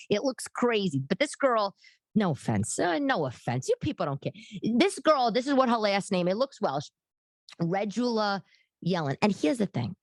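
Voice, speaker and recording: Chatty New woman in her thirties hosting a casual chat. Low voice, dry close sound, prone to rambling tangents. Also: dry recording. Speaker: podcast host and comedian.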